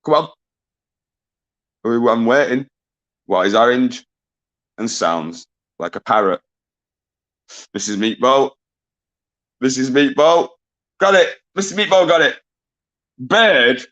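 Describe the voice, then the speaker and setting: A man's voice: mid-range voice, lively intonation, slow pace, pauses often, fairly bright tone. Male quiz host on a live stream, casual and jokey, swears a lot, greets viewers by name.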